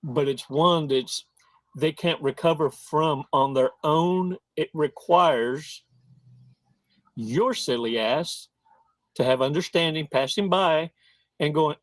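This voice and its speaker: A man talks slowly and deliberately in a somewhat high voice, with a loose, slangy manner. He stretches words out for emphasis, and the recording is close and dry with no room sound. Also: no room sound. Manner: folksy, slangy, drawn-out emphasis. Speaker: host. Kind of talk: casual monologue.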